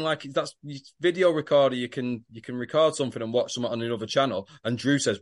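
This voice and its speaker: A man's voice: medium pitch, fast talker, few pauses. A man co-hosting a podcast, recapping a story with dry, wry asides and swearing. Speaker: podcast co-host. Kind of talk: casual comedic recap chat.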